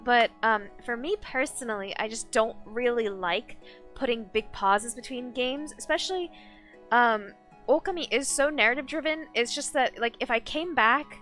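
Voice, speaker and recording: Bright-voiced woman streamer rambling casually. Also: a little high, moderate pace, soft background music. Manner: rambling, many fillers and self-corrections. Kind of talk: casual live-stream chat while gaming.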